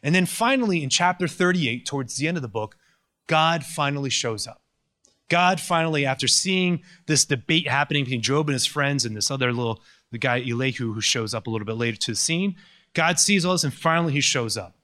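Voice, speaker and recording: A man's voice: mid-range voice, a little fast. A man giving a conversational, sarcastic lecture, telling stories with lots of energy. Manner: conversational, sarcastic, animated storytelling. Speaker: Catholic lecturer. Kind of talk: recorded lecture.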